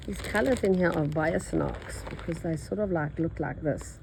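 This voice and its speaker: Low, gravelly older Australian woman. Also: normal speed, noisy background. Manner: rambling, chatty, thinks aloud. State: nasal. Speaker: embroidery teacher. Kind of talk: casual chat while stitching.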